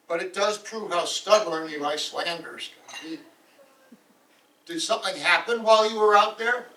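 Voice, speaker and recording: A man's voice: sits high, measured pace, long pauses, pushed and bright. A man doing a stern Norse king. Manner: stern, judging. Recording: roomy hall, voice from far off.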